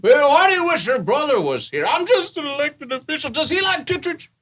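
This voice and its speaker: A woman reading the part of a tipsy, flirty male newspaper reporter at a script table read, with a slurring, drawn-out delivery. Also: high-pitched, big pitch swings, fairly bright tone, heavily acted.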